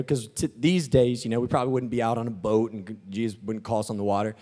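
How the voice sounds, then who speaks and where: A man preaching a sermon in an animated, joking, storytelling manner. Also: medium pitch, fast, hardly any pauses.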